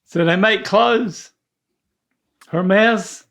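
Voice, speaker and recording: An older man with a drawl talks slowly and easily, his voice gravelly and a touch high for his age. He chats casually with his son, stumbling over unfamiliar words. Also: a bit bright. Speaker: co-host, father of the host. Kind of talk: casual family chat.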